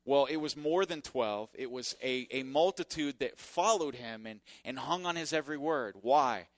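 A man preaching a sermon as pastor, swinging between loud emphatic points and quiet asides. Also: medium pitch, normal speed, dry recording.

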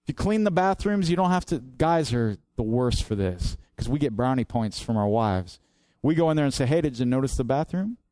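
A man's voice: mid-range voice, animated, normal speed, darkish tone, no echo. A man preaching a sermon as pastor, earnest and direct, driving points home with rhetorical questions.

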